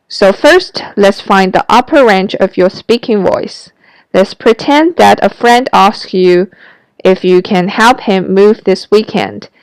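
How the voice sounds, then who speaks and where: A woman teaches pronunciation in a slow, measured lesson voice. Her tone is smooth and resonant, and each sound is set out with care. The recording is dry and close, with no room sound. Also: mid-range voice, no echo, low-quality recording. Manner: clear, careful demonstration of sounds. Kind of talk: scripted language lesson.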